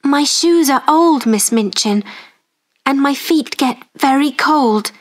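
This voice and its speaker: A woman voicing a poor, brave young girl in a storybook, speaking quietly and earnestly. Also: sits high, slow, pitched above the performer's own voice.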